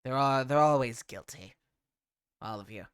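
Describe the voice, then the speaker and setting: A man's voice: mid-range voice, moderate pace, a bit bright, smooth, dry recording, studio quality, lightly acted. Man doing tall goblin judge, gleeful, harsh, emphatic. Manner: declares everyone guilty, emphatic.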